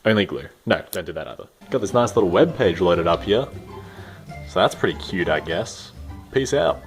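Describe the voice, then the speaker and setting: A man's voice: low-pitched, very animated, moderate pace, faint music behind. A man giving a loose, rambling, joking tour of his desk. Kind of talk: improvised casual tour.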